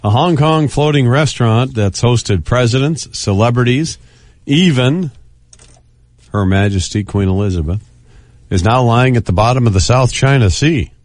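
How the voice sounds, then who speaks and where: A man co-hosting a radio show, reading news items in a relaxed way with frequent uh fillers. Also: medium pitch, moderate pace, dry recording. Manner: relaxed, fills with uh. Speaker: radio co-host.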